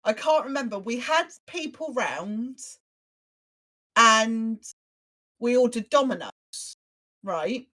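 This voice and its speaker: A woman's voice: fairly high pitch, slow, pauses often. Chatty woman telling funny stories. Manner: animated anecdotes, acts out quoted voices, swears casually. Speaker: podcast co-host. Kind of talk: casual storytelling chat.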